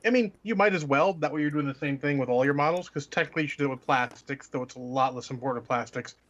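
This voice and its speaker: A man's voice: mid-range voice, fast, a bit bright. Blunt sarcastic man, muffled audio. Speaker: podcast co-host. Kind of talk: casual chat. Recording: dull lo-fi audio.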